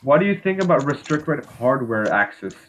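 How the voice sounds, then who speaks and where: A man's voice: mid-range voice, big pitch swings, moderate pace. A man chatting casually on a live stream, hesitating with many fillers and restarts. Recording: slightly dull audio with faint noise.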